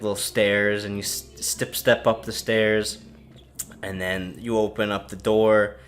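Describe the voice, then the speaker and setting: A man's voice: lowish voice, fairly bright tone. Tipsy man rambling through a story. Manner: rambling, laughing, silly put-on quote voices. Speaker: podcast co-host. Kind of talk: casual drunken story retelling.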